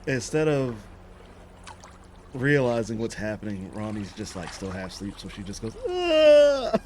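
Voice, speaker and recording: A man's voice: lowish voice, steady tone, normal speed, a little hiss or hum. A man playing in a tabletop role-play, talking in a casual, playful way about his character. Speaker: player.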